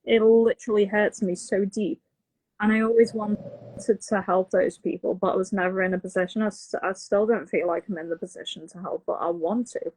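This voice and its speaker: A woman's voice: mid-range voice, fairly even intonation, a little fast, a little mellow, breathy edge. A woman with a London accent co-hosting a podcast, talking in an earnest, open way in casual chat. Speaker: podcast co-host, singer.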